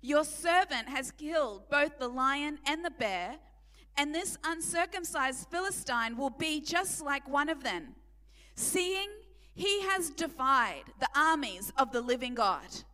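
A woman preaching a sermon, retelling a Bible story with animated delivery and acted-out quotes. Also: high-pitched, slow pace. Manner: animated, acts out quotes, emphatic repetition. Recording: long hall reverb.

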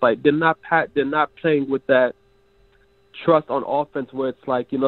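A man's voice: on the high side, flat delivery, a little fast, no room sound. A man with a sick, stuffy, nasal voice, calling in as a regular co-host and venting in casual sports talk with many restarts. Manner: frustrated, rambling analysis with many restarts. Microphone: phone. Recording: dry tinny phone line.

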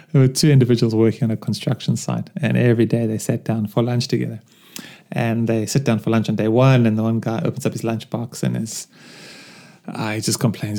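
A man's voice: mid-range voice, creaky, mellow. A man hosting a solo podcast, talking casually in a rambling, self-deprecating way with lots of fillers. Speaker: podcast host.

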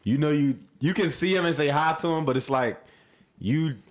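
A man co-hosting a casual chat, animated and laughing as he mimics people's repeated greetings. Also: fairly high pitch, moderate pace. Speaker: podcast co-host.

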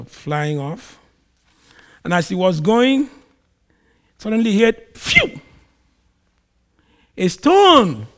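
Male preacher, slow and dramatic, bursts loud for acted quotes, somewhat higher voice. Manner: dramatic swings in pitch and volume; acts out quoted speech in a raised voice. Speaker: pastor. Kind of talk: sermon.

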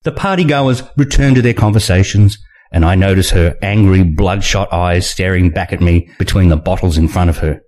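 A man reading a first-person thriller aloud in a wry, expressive way. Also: deep voice, normal speed. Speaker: audiobook narrator.

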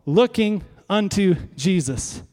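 A man's voice: high voice, lively intonation, takes it slowly, mellow. Man preaching in a reverberant hall. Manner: conversational preaching with rhetorical questions to the congregation. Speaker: pastor. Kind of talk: sermon.

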